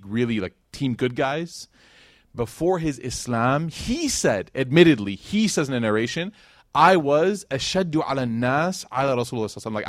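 With a medium-pitched voice, a man teaching Islamic history delivers a relaxed religious lecture. He narrates a story conversationally, acting out quotes and using lots of fillers. Clean studio sound and a dry recording.

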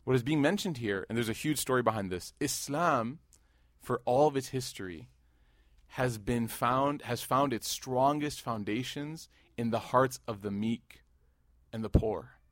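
A man in his thirties giving a sermon, mixing laughing stories with hushed, earnest reflection. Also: medium pitch, a little slow, dry recording, clean studio sound. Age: 30s. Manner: animated, jokes and rises loud in anecdotes, hushed and earnest in devotion. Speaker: Muslim preacher. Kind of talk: sermon with storytelling.

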